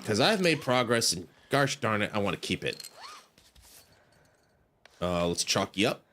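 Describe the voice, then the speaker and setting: A man's voice: on the low side, big pitch swings, unhurried, a bit bright, a little hiss or hum. A man doing let's play commentary, chatty and self-mocking as he talks himself through the game. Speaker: gaming streamer.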